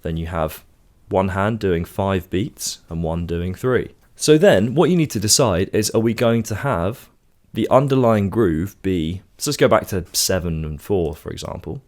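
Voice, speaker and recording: A man's voice: sits low, lively intonation, unhurried. A man from the United Kingdom teaching a songwriting lesson in a casual, step-by-step way, counting beats aloud. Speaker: music teacher. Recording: faint guitar and music behind.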